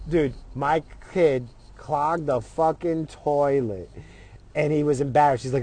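A man's voice: a little high, moderate pace, creaky, darkish tone, slight background noise. A middle-aged man telling a story in a casual, profane way, acting out what other people said in his own voice.

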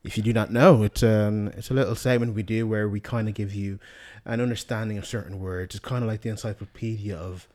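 A man's voice: on the low side, steady tone, a little fast, a little mellow. A man co-hosting a podcast, explaining things in a laid-back, slangy, storytelling way. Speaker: podcast co-host. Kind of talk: casual chat.

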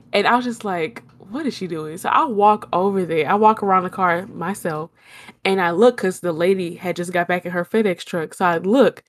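A young woman, telling a long story in casual chat and acting out her own shouts. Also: medium pitch.

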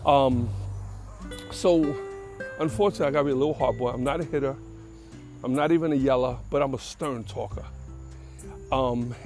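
An older man from the Bronx, a podcast host telling a casual story in a blunt, streetwise and profane way. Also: mid-range voice. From the Bronx, New York.

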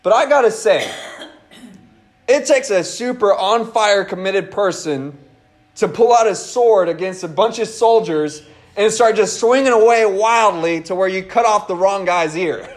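A man preaching a casual, animated sermon, laughing and acting out the people he quotes. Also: high voice, a little slow.

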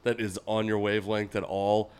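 A man's voice: lowish voice, little pitch movement, normal speed, smooth. A man, a comedian hosting a podcast, trading gig stories in loose, swearing banter. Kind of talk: casual chat.

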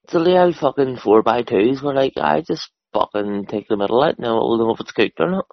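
A man's voice: mid-range voice, animated, a little fast, no room sound. A young man chatting casually as a podcast co-host, laid-back and swearing freely as he tells offhand stories. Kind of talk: casual chat. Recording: dry, dull lo-fi sound.

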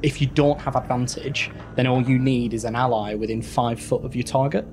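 A man at a game table with a middle-pitched voice. He laughs easily and lays out the rules clearly. The talk is casual throughout. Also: steady tone, fairly quick, a little mellow, a little hiss or hum. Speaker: player.

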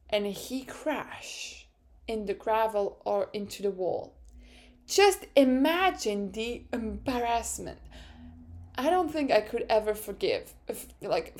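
Excitable young woman, slow chatty delivery. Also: fairly high pitch. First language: French. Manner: chatty, excitable, laughs often. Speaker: podcast host. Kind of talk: casual solo chat.

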